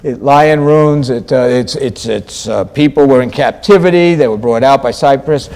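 A man preaching a sermon, stressing key phrases and repeating them, moving between loud, raised lines and quiet, low ones. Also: normal speed.

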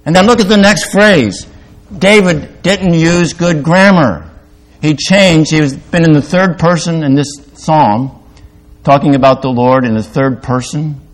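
An older man preaching a sermon as pastor, halting at times, rising to loud emphatic peaks and dropping to quiet, confessional lows.

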